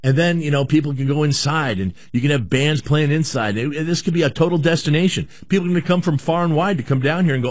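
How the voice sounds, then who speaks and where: A man's voice: fairly high pitch, fast talker, hardly any pauses, no room sound. Emphatic ranting male radio host. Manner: emphatic, ranting, repeats himself. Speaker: radio talk show host. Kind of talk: opinionated radio talk.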